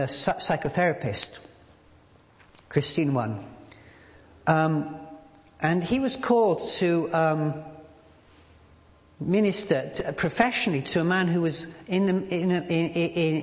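A man preaching a sermon in a church, halting at times with fillers and restarts, and reading aloud from a book. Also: fairly high pitch. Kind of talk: sermon with a read-aloud story. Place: church hall. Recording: dull sound in a large reverberant hall.

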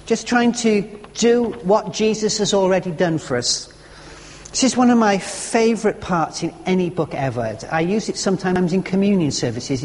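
High-voiced preacher in a reverberant church. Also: male voice, a little mellow. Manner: conversational, earnest, reads quotes aloud. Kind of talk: sermon.

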